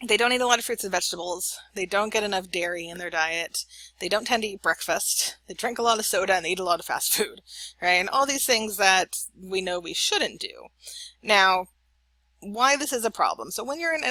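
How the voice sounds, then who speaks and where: Bright, chatty woman lecturer. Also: medium pitch, no echo. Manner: chatty, anecdotal, frequent "right?". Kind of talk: recorded college lecture.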